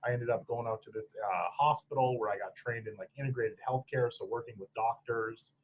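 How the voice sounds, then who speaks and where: Husky man telling stories in a lo-fi podcast. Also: medium pitch, a little fast. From Upper Peninsula of Michigan. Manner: rambling storyteller, many "like"s and restarts, laughs often. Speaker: podcast guest, mental health clinician. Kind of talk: casual interview chat.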